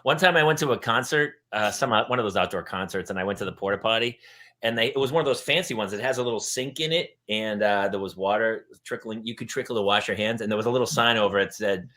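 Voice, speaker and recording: A middle-aged man hosting a casual panel chat, telling stories and jumping into loud, high voices when he quotes people. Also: quick pace. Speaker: host.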